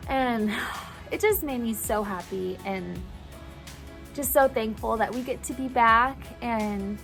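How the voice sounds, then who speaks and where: A woman's voice: a little high, slow pace, creaky, a bit bright, faint music behind. A woman teacher talking in a casual vlog, emotional and gushing, tearful as she speaks. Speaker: teacher and vlogger.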